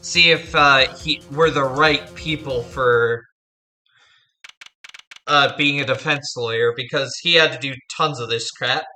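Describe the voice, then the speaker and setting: A man's voice: mid-range voice, steady tone, unhurried, pushed and bright, faint music behind. A man giving chatty, self-deprecating commentary while playing a video game. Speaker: let's-play host.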